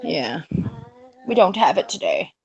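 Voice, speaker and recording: A woman's voice: fairly low pitch, wildly swooping pitch, unhurried, highs cut off, crowd noise. A woman chatting playfully and animatedly in a casual family vlog, laughing often. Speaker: vlogger.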